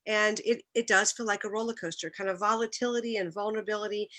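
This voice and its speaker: Woman, middle-aged, bright clear tone, earnest heartfelt faith talk, personal storytelling. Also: medium pitch, fairly even intonation, quick pace. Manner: earnest, emotional, occasional restarts. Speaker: speaker at a church talk.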